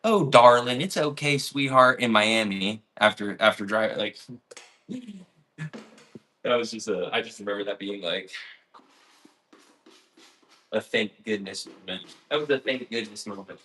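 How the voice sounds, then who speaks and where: A bright, forward-sounding man tells a story from his baking job in a loose livestream chat. He rambles candidly, with plenty of fillers and laughs and a swear word here and there. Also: on the low side, fairly even intonation, unhurried, pauses often, slight background noise. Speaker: baker and video host.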